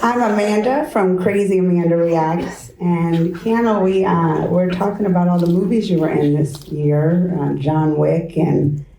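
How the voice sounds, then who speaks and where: A woman's voice: on the low side, a little slow, gravelly, warm tone. A woman who reviews films online asks a press panel a chatty question. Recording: echoey room with faint noise.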